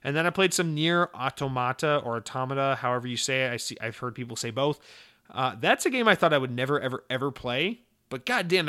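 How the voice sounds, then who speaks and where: A man hosts a casual gaming podcast, chatting about games and news with a bright, forward tone. He talks in an animated way, swears often and breaks into sudden exclamations. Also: medium pitch, clean tone. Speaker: podcast host.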